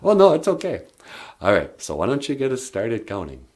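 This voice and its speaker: A man co-hosting a podcast in easygoing, halting casual chat with many fillers. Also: medium pitch, huge pitch swings, darkish tone. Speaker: podcast co-host. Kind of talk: casual comedic radio chat.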